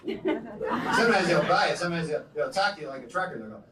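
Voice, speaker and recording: High-voiced man rambling deadpan on stage. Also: fairly quick, distant mic. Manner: rambling, deadpan delivery with many "you know"s. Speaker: stand-up comedian. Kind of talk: stand-up comedy set. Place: comedy club stage. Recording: echoey live club recording with loud crowd laughter. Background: audience laughing.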